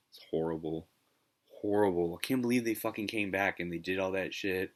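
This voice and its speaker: Deep-voiced, exasperated ranting man. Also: fairly quick, low-quality recording. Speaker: gaming streamer. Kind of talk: casual live-stream commentary.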